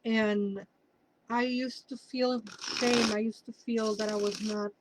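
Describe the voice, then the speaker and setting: Spanish-accented lady reading tarot cards, rambly and chatty, kinda high voice. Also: little pitch movement, takes it slowly, background noise. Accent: Mexican Spanish. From Mexico City. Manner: chatty, rambling, drifts into personal asides. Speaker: tarot reader. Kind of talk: casual tarot reading for viewers.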